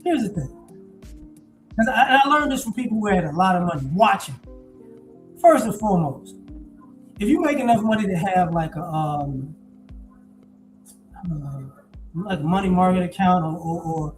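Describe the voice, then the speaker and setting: A man in his forties giving a blunt, profane, animated casual monologue. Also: high-pitched, normal speed, long pauses, faint music behind, low-quality recording. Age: 40s. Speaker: commentator.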